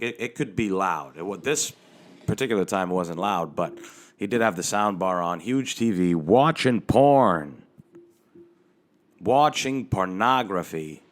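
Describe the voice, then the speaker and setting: A male comedian and podcast host telling a story in a casual, rambling and profane way, speaking into a handheld microphone. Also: sits low. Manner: rambling and profane, with frequent restarts.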